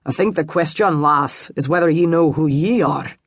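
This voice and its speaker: A woman voicing a gruff older Scottish village man with a gravelly, thick brogue. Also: sits low, normal speed, no echo, studio quality.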